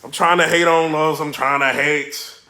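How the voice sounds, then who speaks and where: A young man giving an excitable reaction commentary on a rap battle, yelling and repeating himself. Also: a little high, moderate pace. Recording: echoey room.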